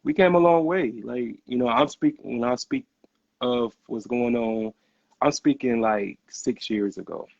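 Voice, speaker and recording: A man's voice: medium pitch, unhurried, creaky, a little mellow, no echo. A young man hosting a podcast, talking earnestly in casual conversation and often repeating words as he gets going. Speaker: podcast host. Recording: dull, muffled podcast audio.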